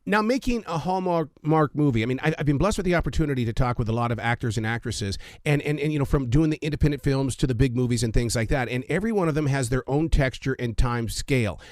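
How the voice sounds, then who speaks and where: A man's voice: mid-range voice, fast, hardly any pauses, a little mellow, dry recording. A man interviewing a guest on the radio, asking long rambling questions and stumbling through restarts.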